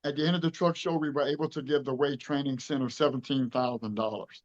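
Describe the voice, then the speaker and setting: A man's voice: medium pitch, steady tone, fast talker, muffled recording. A man in his fifties from Louisiana, telling his story in an interview with earnest emotion and acting out the dialogue. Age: 50s. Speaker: truck show director being interviewed.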